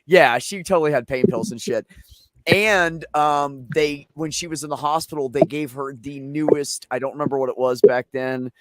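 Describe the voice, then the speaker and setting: A man's voice: a little high, moderate pace, no echo. A man hosting a casual chat show, telling long rambling family stories with plenty of swearing. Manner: profane, rambling anecdotes. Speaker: show host.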